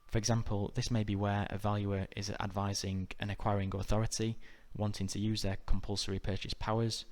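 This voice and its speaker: A man narrating a scripted exam-prep lesson in a measured, methodical way. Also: on the low side. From United Kingdom. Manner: measured, even, methodical delivery. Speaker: exam tutor.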